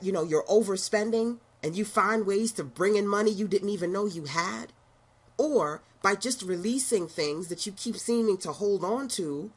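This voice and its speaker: A woman's voice: on the low side, breathy edge. A middle-aged woman business coach giving a sassy, preachy motivational talk with slangy asides.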